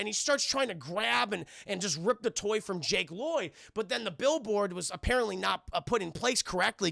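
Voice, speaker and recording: A young man with a high, gravelly voice recaps a film to his live chat, cursing and rambling as he keeps calling out to the viewers. His tone is bright and sharp. The sound is close and completely dry. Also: no echo. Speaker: streamer and film reviewer.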